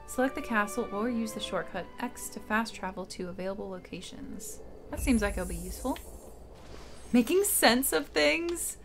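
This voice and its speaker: Woman streamer, casual and chatty, mid pitch, soft game music underneath. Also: a little fast. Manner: thinking aloud, chatty with hesitations. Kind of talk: casual let's-play commentary. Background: faint game music.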